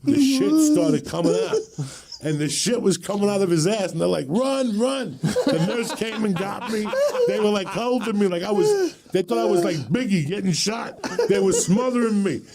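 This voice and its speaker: A man's voice: sits high, moderate pace. A man in his sixties casually telling a story on a podcast, swearing freely and laughing as he goes. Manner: profane, animated, laughs through his stories.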